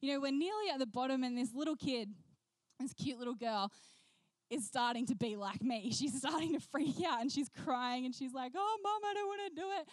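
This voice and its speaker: A woman preaching a sermon, telling a personal story in an animated way and acting out the voices she quotes. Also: high voice, moderate pace, no echo.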